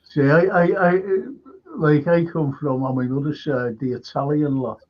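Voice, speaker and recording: A man hosts a casual livestream chat, his voice sitting a little high. He rambles through anecdotes, restarting sentences as he goes. The stream audio is dull and lo-fi. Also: steady tone, normal speed. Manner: rambling storyteller with many restarts and laughs. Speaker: livestream host.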